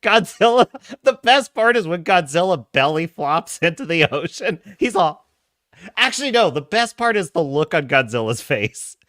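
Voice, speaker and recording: A middle-aged man hosting his own live show, talking fast and loose with frequent laughs. His voice sits a bit high and sounds bright, and it is recorded dry and close. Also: dry recording. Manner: animated, laughing often, reads chat aloud. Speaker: host. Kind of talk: casual live-stream commentary.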